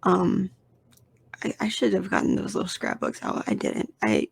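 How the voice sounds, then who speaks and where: A woman's voice: on the low side, huge pitch swings, normal speed, vocal fry, breathy edge. A woman hosting her own podcast, talking casually and rambling with lots of fillers, restarts and self-deprecating asides. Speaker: podcast host. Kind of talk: casual solo podcast talk.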